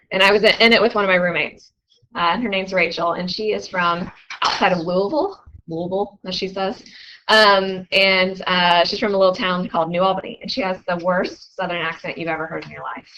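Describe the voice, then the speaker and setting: A woman's voice: medium pitch, sharp tone, lo-fi sound, a little hiss or hum. Chatty young woman teaching math. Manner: chatty, asks the class questions. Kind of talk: classroom lecture. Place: classroom.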